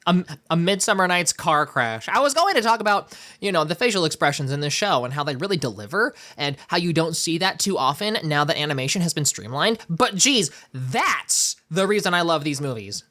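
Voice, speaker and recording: A woman's voice: low voice, lively intonation, normal speed, fairly bright tone. A woman hosting a commentary video, talking casually with wry, sarcastic asides.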